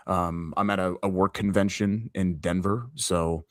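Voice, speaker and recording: Man, podcast co-host, very deep voice, hushed, easygoing, dry sound. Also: fairly even intonation, unhurried, dry recording. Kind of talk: casual sports talk. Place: hotel room.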